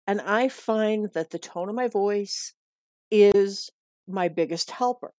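A middle-aged woman from the United States talks through her dog-walking advice in a chatty, earnest manner and circles back to repeat her points. Her voice sits at an ordinary middle pitch. It is recorded close and dry, with no room sound. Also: takes it slowly, a little mellow, dry recording. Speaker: dog walker giving pet tips. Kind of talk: casual advice talk.

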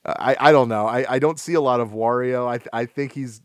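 A man's voice: mid-range voice, fairly even intonation, no echo, studio quality. Rambling, hesitant man chatting on a podcast. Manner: rambling, halting, lots of restarts and fillers. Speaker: podcast host. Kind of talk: casual gaming podcast chat.

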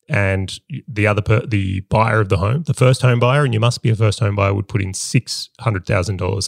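A man's voice: lowish voice, creaky, no echo, studio quality. A man co-hosting a business podcast, explaining ideas step by step in an analytical way. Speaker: podcast co-host. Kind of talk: casual business podcast chat.

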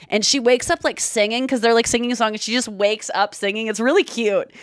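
A woman hosting a podcast, chatting casually and retelling scenes with bits of acted dialogue. Her voice sits a little high. The sound is dry and close to the mic. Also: quick pace, hardly any pauses, no echo. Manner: animated storytelling, acts out quotes. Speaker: podcast co-host.

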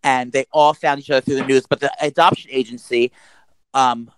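Fast-talking gossipy man. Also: mid-range voice, a little hiss or hum, rough recording. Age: around 40. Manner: gossipy, animated storytelling with swearing. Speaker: podcast co-host. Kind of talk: casual chat.

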